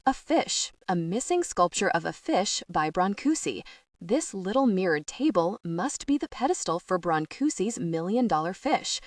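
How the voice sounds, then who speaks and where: A woman narrating an audiobook in a steady, expressive storytelling manner into a close mic. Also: medium pitch, normal speed, dry recording. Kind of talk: scripted narration.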